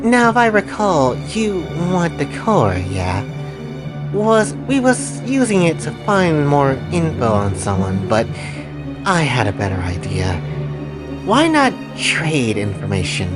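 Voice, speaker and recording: A smug, playful young woman who taunts her foes in a lively, swooping voice, voiced by a man retelling the story. Faint music plays underneath. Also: low-pitched, slow, pitched above the performer's own voice, heavily acted. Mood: teasing.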